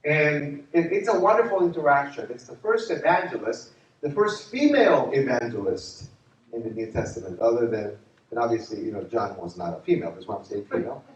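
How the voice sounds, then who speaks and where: A man preaching a lively retreat sermon as a pastor, joking and asking the crowd questions. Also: medium pitch, brisk, highs cut off. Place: church retreat hall. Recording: echoey hall from far off.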